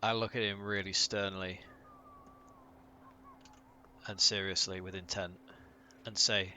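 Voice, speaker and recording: A man's voice: low voice, flat delivery, takes it slowly, pauses often, pushed and bright, a little hiss or hum. A man playing a tabletop game, speaking sternly and earnestly in character. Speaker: player.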